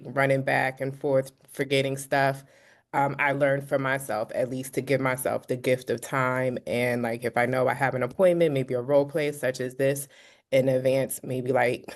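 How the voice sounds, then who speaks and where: A woman, a real estate agent, giving friendly feedback on a group video call, peppered with "like" and "um". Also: rumbling low. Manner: warm praise, lots of "like" and "um".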